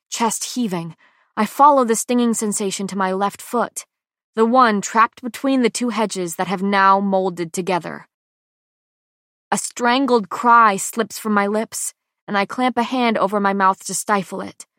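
A woman narrating a first-person audiobook with a tense, dramatic delivery that drops to hushed lines, recorded on a close mic in a booth. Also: medium pitch, no room sound.

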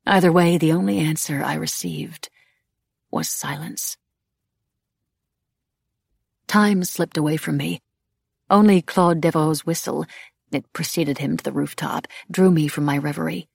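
A woman narrating a first-person novel in a hushed, reflective, measured way. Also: deep voice, steady tone, vocal fry, husky, no echo, studio quality. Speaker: audiobook narrator.

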